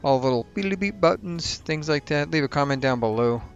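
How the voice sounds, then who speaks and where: A man's voice: fairly high pitch, expressive, a little fast, muffled recording. A man hosting a let's play, giving casual commentary over his gameplay. He is chatty, thinks aloud and makes self-mocking asides.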